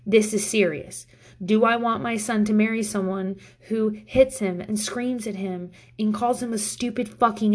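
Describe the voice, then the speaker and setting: A woman in her thirties talking casually to camera as a parent, candid and profane, rambling with lots of fillers. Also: mid-range voice. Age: 30s. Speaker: parent vlogger.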